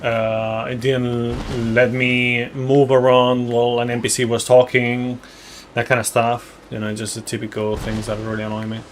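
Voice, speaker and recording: A man's voice: mid-range voice, completely flat delivery, normal speed, a little hiss or hum. Rambling male game streamer. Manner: rambling, many fillers, swears casually. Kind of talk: casual live-stream chat while playing. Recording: game music behind voice.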